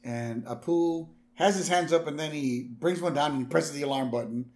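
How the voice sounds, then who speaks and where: A man's voice: fairly high pitch, moderate pace, a little mellow. A man co-hosting a podcast, recapping a cartoon episode with jokey asides. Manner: chatty, jokey asides, frequent "mm-hmm" backchannel. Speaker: podcast co-host. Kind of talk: casual episode recap chat.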